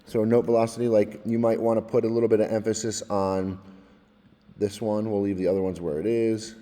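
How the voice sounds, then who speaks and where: A male music technology teacher casually walking through a software drum tutorial step by step, often checking in with "all right?". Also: lowish voice, flat delivery, brisk, long reverb tail. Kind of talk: screen-recorded software tutorial.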